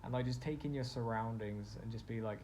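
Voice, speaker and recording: A young man tells a personal story to camera in a loose, rambling way, leaning on lots of likes and you-knows. His voice sits at an ordinary middle pitch, and a faint hum of background noise runs under the recording. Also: fairly quick. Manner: rambling, filler-heavy, self-reflective. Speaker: vlogger. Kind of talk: casual storytelling monologue.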